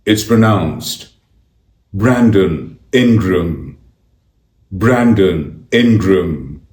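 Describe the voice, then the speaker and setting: A man with a deep, low voice works through a pronunciation drill at an extremely slow pace. He says each word deliberately and repeats it several times. The room is noticeably echoey. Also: expressive, a little mellow. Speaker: pronunciation tutor.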